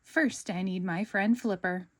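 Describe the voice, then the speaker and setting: A woman voicing a cheerful, eager young sea sponge fry cook in a storybook read-aloud, excitable and earnest. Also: mid-range voice, measured pace, natural voice.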